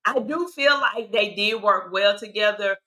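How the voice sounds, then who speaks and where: A woman co-hosting a casual chat about reality TV, animated and expressive, laughing often. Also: medium pitch, measured pace.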